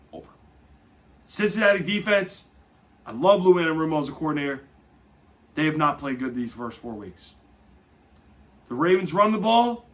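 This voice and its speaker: A man hosting a football podcast, talking casually and correcting himself as he goes. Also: a little high. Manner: lively, swings loud and soft, self-correcting. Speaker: podcast host. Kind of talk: casual sports podcast talk.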